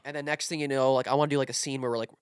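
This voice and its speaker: Fast-talking young man telling a story. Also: mid-range voice, clear, resonant tone, no room sound, studio quality. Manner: animated, filler-heavy, acts out quotes. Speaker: podcast guest, content creator. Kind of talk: casual storytelling chat.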